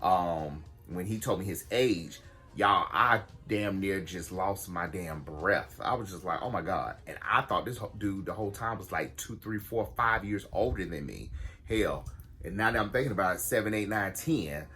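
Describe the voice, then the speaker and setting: A man telling a story to his viewers in a casual vlog, blunt and animated, swearing freely and calling his audience y'all. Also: low-pitched, moderate pace, faint music behind. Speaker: vlogger.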